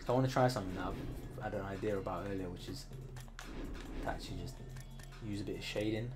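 A man's voice: sits low, fast talker, over music. Chatty British man muttering over a game. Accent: British English. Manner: chatty, drops into quiet muttering while working. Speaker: gaming streamer. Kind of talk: casual commentary while playing.

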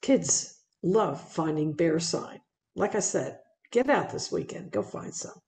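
A woman speaks to an audience about her photos with a gravelly edge in her voice. Her delivery is chatty and lively, full of small fillers and restarts. The sound carries the echo of a room. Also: on the low side, takes it slowly. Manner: conversational and animated, with fillers and repeats. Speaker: wildlife speaker presenting slides. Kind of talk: public talk narrating photos.

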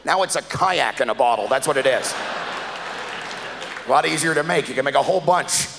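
A Canadian man performs stand-up on a comedy club stage before a live audience, spinning rambling, exasperated stories and acting out voices. His mid-range voice is brisk and creaky, with a crowd and background noise behind him. It's a live club recording with long hall reverb.

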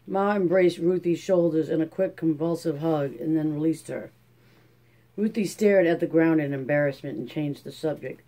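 Mellow-voiced male audiobook narrator. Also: on the high side. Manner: steady, measured reading with small slips. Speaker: audiobook reader.

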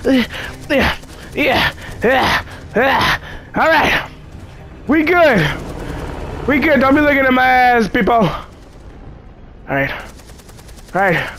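A man's voice: very high-pitched, lively intonation, takes it slowly, long pauses, sharp tone, slight background noise. A man giving casual gameplay commentary, joking and cursing as he chatters to the game characters. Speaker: gamer.

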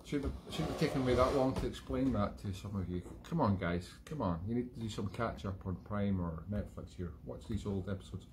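A man's voice: lowish voice, brisk, hardly any pauses, a little mellow, slight background noise. A Scottish man hosting a live-streamed music show from home, chatting in a rambling, digressive way with self-mocking humour. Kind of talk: rambling casual monologue.

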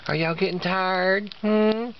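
A man's voice: sits high, steady tone, slow. A man with an East Tennessee Southern accent, a dog breeder filming and talking to puppies in coaxing, sing-song baby talk, repeating himself. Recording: dull lo-fi home video with clear background noise.

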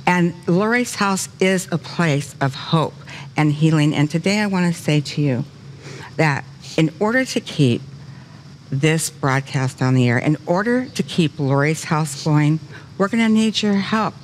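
Animated older woman hosting a faith show. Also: low-pitched, a little slow, a little hiss or hum. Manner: animated, gushing storyteller; earnest preaching cadence. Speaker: talk show host. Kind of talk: faith talk show fundraising appeal.

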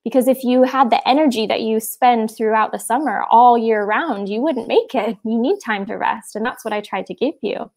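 A woman's voice: fairly high pitch, normal speed, few pauses, a little mellow. A woman voicing a grieving female spirit of Winter who speaks through sobs, wounded and pleading. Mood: sad, hurt.

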